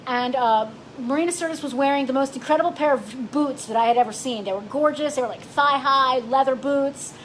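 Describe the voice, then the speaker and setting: High-voiced, playful woman co-host. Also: fairly quick, few pauses, slight background noise, rough recording. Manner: lively, playful storyteller. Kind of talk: casual chat.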